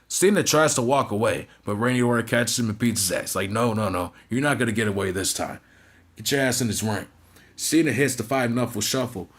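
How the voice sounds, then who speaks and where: A man giving a casual, profane, mocking recap of a wrestling show, full of "right?" and "you know what I'm saying" fillers. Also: on the low side. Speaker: wrestling reviewer.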